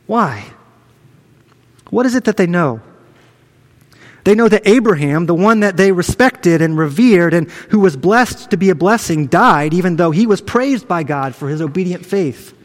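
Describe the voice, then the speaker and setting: High-voiced male preacher in a reverberant hall. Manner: earnest, conversational preaching with frequent restarts. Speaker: pastor. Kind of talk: sermon.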